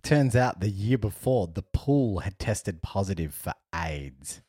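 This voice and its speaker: A young man co-hosting a podcast, telling a travel story in an animated way, laughing often and acting out what people said. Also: fairly low pitch, a little slow, slightly rough, no echo, studio quality. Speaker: podcast co-host. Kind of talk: casual storytelling chat.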